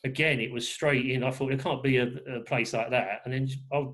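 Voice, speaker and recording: A man's voice: medium pitch, fairly even intonation, brisk, a bit bright. A man from England, talking as a guest in a rambling way with many fillers and restarts. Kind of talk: casual conversation.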